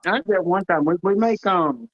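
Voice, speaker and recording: A woman's voice: mid-range voice, moderate pace. A woman in casual live-stream chat, telling folksy stories and acting out her own quotes. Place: home in the United States. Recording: dry, dull lo-fi stream audio.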